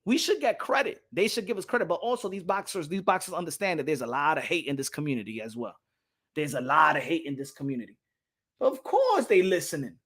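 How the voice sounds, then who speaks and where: A young man hosting a boxing channel livestream in casual chat, animated, repeating himself and laughing often, slipping into Spanish. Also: fairly high pitch, quick pace, slightly rough.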